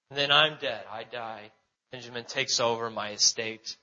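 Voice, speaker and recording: A man's voice: medium pitch, steady tone, moderate pace, sharp tone, highs cut off. A man preaching in a loose, conversational way, restarting his sentences and often adding fillers. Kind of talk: casual sermon.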